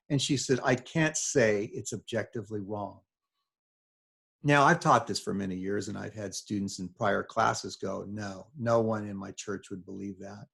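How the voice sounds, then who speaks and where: A man's voice: on the low side, creaky, husky. An older man giving a talk to students, telling stories with quoted dialogue in a conversational, emphatic way. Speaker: speaker at a talk. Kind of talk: lecture to students.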